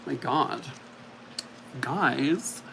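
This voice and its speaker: A man's voice: mid-range voice, lively intonation, very slow, gravelly, noisy background. A man hosting a casual livestream, chatting and mocking himself as he reacts to viewer comments. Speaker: livestream host.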